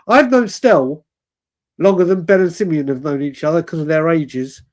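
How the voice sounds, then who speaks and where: A man in his forties telling a rambling, animated story in casual chat on a fan show. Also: on the high side, normal speed. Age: 40s. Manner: rambling, animated, self-correcting.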